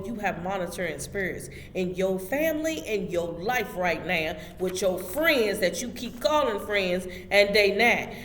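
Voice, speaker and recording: A woman hosting a motivational spiritual talk, preaching emphatically and addressing her listeners directly. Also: mid-range voice. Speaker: host. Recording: echoey hall with faint background noise.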